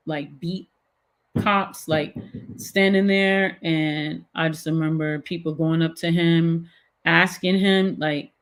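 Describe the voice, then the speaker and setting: A woman's voice: deep voice, slow pace. A middle-aged woman, a guest, animatedly recounting a personal story in casual chat with many fillers. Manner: animated, filler-heavy retelling.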